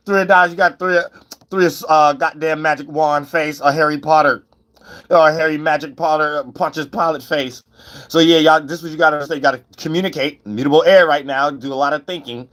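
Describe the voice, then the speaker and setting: Male tarot reader on a livestream, slightly high voice, rambling, profane, erratic. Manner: rambling, profane, with sudden shouts and wild swings.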